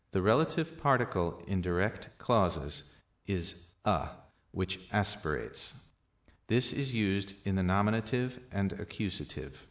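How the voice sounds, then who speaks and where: A man teaching a language lesson, reading out practice sentences and their translations slowly and deliberately, with softer asides. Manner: slow and deliberate, with soft low asides.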